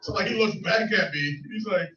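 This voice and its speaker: A man's voice: sits high, normal speed, a crowd in the background. A man doing a stand-up set on a comedy club stage, loose and laughing at his own jokes. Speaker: stand-up comic. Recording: echoey room, far from mic, dull.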